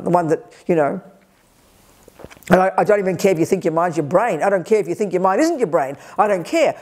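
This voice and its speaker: An older woman teaching at a Buddhist retreat, energetic and emphatic, acting out people's inner voices. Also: lowish voice. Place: retreat center hall.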